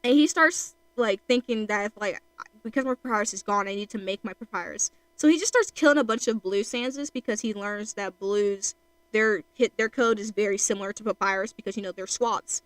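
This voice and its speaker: A woman's voice: mid-range voice, fairly quick, a bit bright, dry recording, poor audio. A woman streamer chatting casually while she draws, rambling with lots of fillers.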